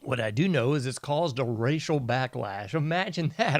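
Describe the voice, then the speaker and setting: A man's voice: mid-range voice, animated, moderate pace, few pauses, no echo, studio quality. A man hosting a casual news commentary show, mocking and sarcastic, laughing often. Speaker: podcast host.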